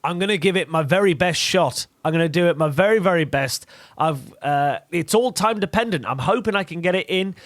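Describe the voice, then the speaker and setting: A man's voice: sits high, brisk, dry recording, studio quality. A man in his thirties, a guest impressionist talking in an enthusiastic, chatty way in a radio interview and laughing easily.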